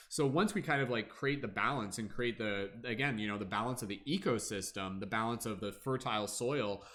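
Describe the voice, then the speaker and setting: A man's voice: mid-range voice, a bit bright. A man giving a casual spiritual talk on a livestream as a tarot reader, rambling with lots of fillers and acting out little voices.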